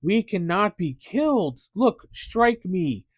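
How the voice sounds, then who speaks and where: A man voicing a smug male goblin preacher in robes, talking in a slow, solemn preaching cadence. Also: sits high, very animated, no room sound, voice pushed up, exaggerated voice. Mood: preachy.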